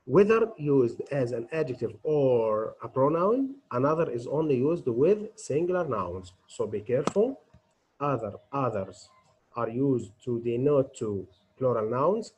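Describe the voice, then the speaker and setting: A man's voice: medium pitch, expressive, a little slow, darkish tone, slightly rough, poor audio. A middle-aged man, an English teacher, giving a grammar lesson and answering his own questions as he goes.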